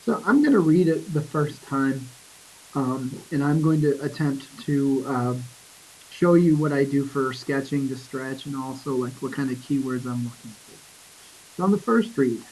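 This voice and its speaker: A man teaching a poetry lesson in a screencast, thinking aloud with fillers and reading verse slowly. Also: on the high side, darkish tone, slight background noise, poor audio.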